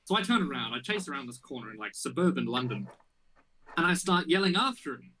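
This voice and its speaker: Bright-voiced man telling a lively story. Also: medium pitch, quick pace, a little hiss or hum, rough recording. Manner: animated storytelling with many fillers. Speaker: podcast co-host. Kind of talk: casual chat.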